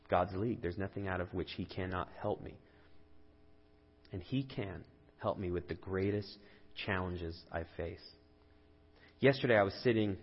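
Earnest male pastor in reverberant hall. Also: on the low side. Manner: earnest, conversational storytelling with rising emphasis. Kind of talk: sermon. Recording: dull lo-fi audio with long hall reverb.

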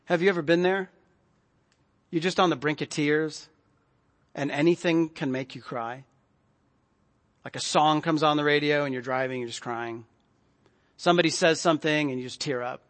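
A man preaching in an easy, conversational way, with a fairly high voice. He often sinks into soft, low tones to stress a point. His voice rings with the long reverb of a large hall. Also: normal speed, pauses often. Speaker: pastor. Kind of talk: sermon. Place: church sanctuary.

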